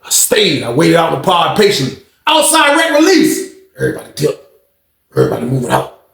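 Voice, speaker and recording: A man telling a story in a casual, animated, slangy way, acting out the quotes. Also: medium pitch, fast talker, creaky, roomy sound, recorded from a distance.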